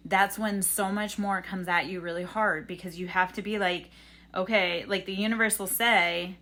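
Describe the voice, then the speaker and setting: A woman's voice: mid-range voice, steady tone, moderate pace, pushed and bright. A young adult woman on a livestream reading tarot, telling a rambling, earnest story full of fillers and advice. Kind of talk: casual chat.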